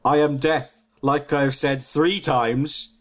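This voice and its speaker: A man's voice: on the high side, steady tone, slow pace. A man voicing Death as an ancient, irritable male skull creature with a grating, weary voice. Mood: annoyed. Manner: weary, annoyed, clipped.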